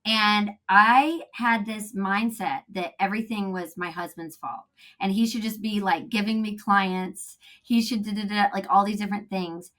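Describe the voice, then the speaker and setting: A woman talking as a podcast guest, animated and laughing often, acting out quotes in a casual chat. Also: mid-range voice, moderate pace.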